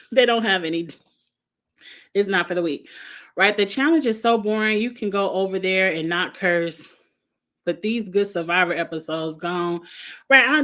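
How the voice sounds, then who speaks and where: A woman's voice: mid-range voice, fairly bright tone. A woman, hosting a casual reality TV review, blunt and sassy, with frequent laughs and cursing. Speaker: host of a reality TV review show. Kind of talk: casual chat reading viewer comments.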